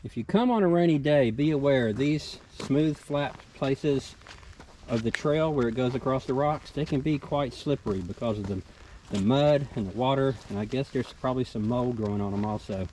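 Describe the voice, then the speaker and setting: A man's voice: medium pitch, moderate pace, warm tone, a little hiss or hum, poor audio. Easygoing Southern man on a trail. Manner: easygoing, enthusiastic about small finds. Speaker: hiking vlogger. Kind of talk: casual outdoor narration. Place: outdoors on a forest trail.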